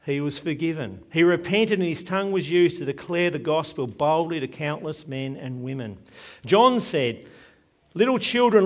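A man delivering a sermon in an unhurried, deliberate way, every phrase given room. His voice sits a little higher than most men's. He leans hard into the scripture he quotes. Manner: earnest, measured preaching with emphatic quoted scripture. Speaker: preacher.

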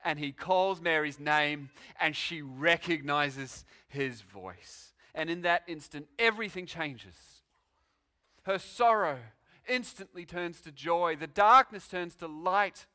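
A man preaching a sermon, his delivery swinging between loud, emphatic declarations and hushed, slow pauses. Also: on the high side, animated.

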